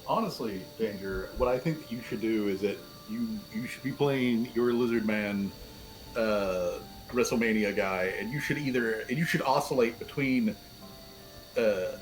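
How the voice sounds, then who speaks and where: A man's voice: mid-range voice, lively intonation, measured pace, low-quality recording. Easygoing guy player cracking jokes, faint music behind. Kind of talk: casual stream chat.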